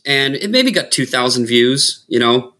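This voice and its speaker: A man's voice: mid-range voice, unhurried. A man with a Boston accent telling stories in casual chat, swearing a lot and talking with animation. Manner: profane, animated storytelling, slips into loud impressions. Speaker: guest, food content creator.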